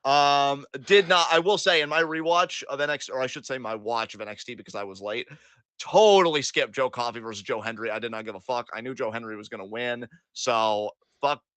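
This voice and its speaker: A man's voice: medium pitch, brisk, clear, resonant tone, no room sound. A man co-hosting a wrestling podcast, chatting casually and profanely, gleefully acting out what wrestlers said. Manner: excitable, profane, gleeful, acts out quotes. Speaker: podcast co-host. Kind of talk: casual wrestling recap chat.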